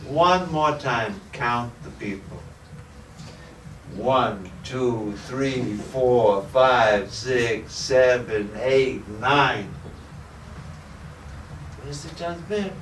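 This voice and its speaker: A man doing a calm, wise boatman. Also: medium pitch, very slow, long pauses, a little hiss or hum. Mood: patient. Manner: patient, reassuring. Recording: roomy echo, distant mic.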